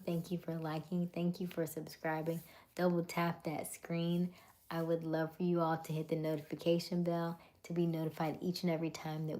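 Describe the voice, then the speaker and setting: A woman, hosting a casual late-night livestream chat in a soft, affirming way that drifts into whispers. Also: fairly low pitch. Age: 30s. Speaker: livestream host.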